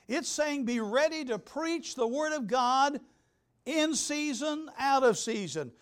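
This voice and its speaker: An older man, a pastor, preaching a sermon emphatically, repeating key words and swinging between loud and soft. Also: very high-pitched, expressive, slow pace. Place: church.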